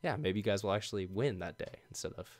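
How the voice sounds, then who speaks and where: A man's voice: fairly low pitch, lively intonation, fast talker. A man hosting a casual podcast, chatty and laid-back, laughing often and filling gaps with ums, reading a sponsor spot in the same easy tone. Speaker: podcast host.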